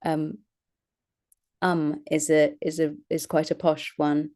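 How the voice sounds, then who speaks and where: An actress talks about her work in a relaxed, self-deprecating way. Her voice sits low for a woman, and she laughs often and restarts her sentences. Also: unhurried. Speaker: actress and voice artist guest. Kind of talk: casual interview chat.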